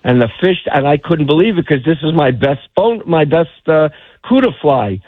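Chatty middle-aged fishing guide on a phone line. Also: male voice, fairly high pitch, lively intonation, moderate pace, no echo. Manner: chatty storyteller, many restarts. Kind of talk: phone-in radio chat.

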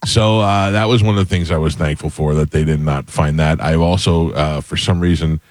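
A man hosting a casual chat, relaxed and laughing along as he rambles through a story. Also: extremely low pitch, moderate pace, no room sound.

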